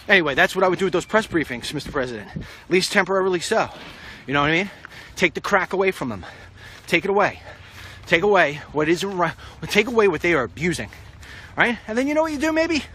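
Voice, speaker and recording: A man's voice: high voice, bright, forceful tone. Blunt man walking and talking outdoors. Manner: blunt, rambling, talks straight to the President. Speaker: political commentator. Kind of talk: walk-and-talk vlog monologue. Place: outdoors on a street. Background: passing traffic.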